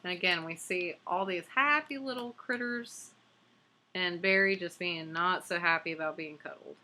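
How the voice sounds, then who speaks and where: Young woman, book review, enthusiastic, filler-heavy, lowish voice. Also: moderate pace, sharp tone. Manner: enthusiastic, chatty, many fillers. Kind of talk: casual book review and read-aloud.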